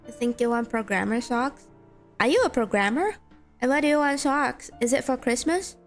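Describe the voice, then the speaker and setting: A woman with a high voice talks at a moderate pace while playing a game, with game music in the background. Her casual livestream chat is rambling and full of "like," and she reacts to chat with frequent restarts.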